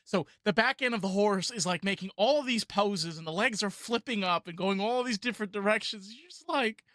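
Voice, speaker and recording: A woman hosting a podcast chats casually with her guest and gets excited as she remembers something she once watched. She is recorded close to the mic, in a dry space with no echo at all. Her voice sits at an ordinary middle pitch. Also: fairly quick. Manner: chatty, reacts and recalls a TV episode with enthusiasm. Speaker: podcast host. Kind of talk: casual interview chat.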